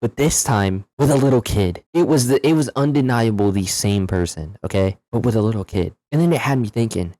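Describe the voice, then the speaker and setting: A young man telling a story to his viewers in a slangy, animated way, swearing freely. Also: fairly low pitch, brisk, hardly any pauses, no room sound. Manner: slangy, animated retelling with profanity. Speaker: storyteller vlogger. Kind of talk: casual storytime monologue.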